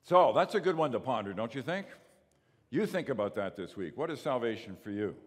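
A man preaching a sermon, emphatic, asking rhetorical questions and swinging from loud to soft. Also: mid-range voice, very animated, fairly quick. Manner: emphatic, rises and drops in volume, rhetorical questions. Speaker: pastor. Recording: long reverb of a large hall.

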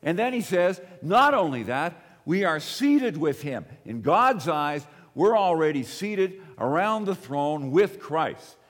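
Expressive preacher man, slow. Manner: expressive preaching, swells up on key phrases and drops low for personal asides. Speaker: pastor. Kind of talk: sermon. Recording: long hall reverb.

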